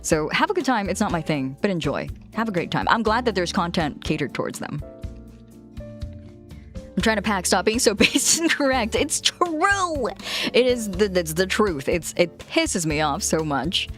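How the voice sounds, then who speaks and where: A woman streamer chats casually and frankly with her viewers, giggling often as she animatedly tells stories. Her voice is medium-pitched at a normal speed, with faint music in the background.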